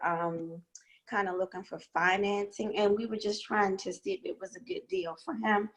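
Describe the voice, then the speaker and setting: A woman's voice: lowish voice, rough recording. A woman with a morning voice asking for advice on a training call, hesitant and rambling with many fillers. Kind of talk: casual online training call. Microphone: video call.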